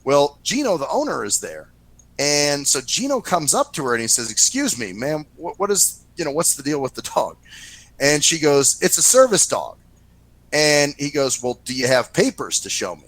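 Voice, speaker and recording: A man hosting a casual talk show, telling a story in a profane, lively way and acting out what others said. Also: a little high, normal speed, no room sound, rough recording. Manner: profane, animated anecdote-telling, acts out quoted voices. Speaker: podcast host.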